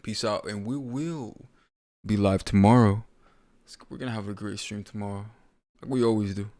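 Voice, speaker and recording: A man's voice: fairly low pitch, normal speed, darkish tone. A man streaming a game, reading shop item blurbs aloud in a loose, offhand mumble and reacting in casual slang. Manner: casual slang, easily impressed. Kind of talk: casual livestream commentary.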